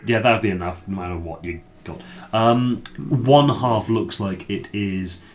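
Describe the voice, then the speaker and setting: A man narrates a tabletop game as its game master, his voice sitting low. He describes scenes in a measured, descriptive way, taking his time.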